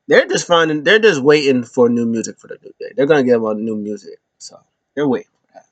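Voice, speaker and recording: A man casually recapping a wrestling show alone, rambling with lots of fillers and slipping into high voices for quotes. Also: animated, brisk, no room sound, lo-fi sound.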